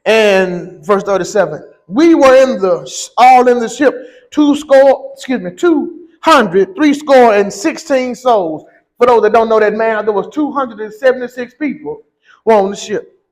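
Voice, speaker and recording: A man preaching a sermon, reading scripture and then building to slow, emphatic shouted lines. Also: very high-pitched, rough recording.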